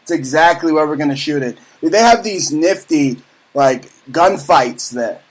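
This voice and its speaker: A man hosting a talk radio show, ranting loudly and excitably in casual banter. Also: a little high, measured pace, poor audio.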